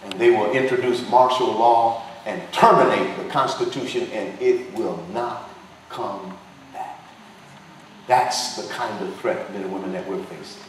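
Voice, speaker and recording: A man with a lowish voice preaches an impassioned political sermon, hammering his points with repetition and a rising preacher's rhythm. He is picked up from a distance in a very echoey dinner hall. Faint noise hums under his voice. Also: normal speed. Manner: emphatic preaching cadence with repetition. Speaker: pastor and congressional candidate.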